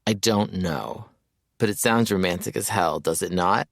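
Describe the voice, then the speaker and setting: A man puts on a lovestruck young guy in an audiobook who drawls romantic verse slowly and theatrically. The voice sits a little low and the sound is close and dry. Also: creaky, fairly bright tone, no room sound. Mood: teasing. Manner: slow, dreamy, theatrical delivery.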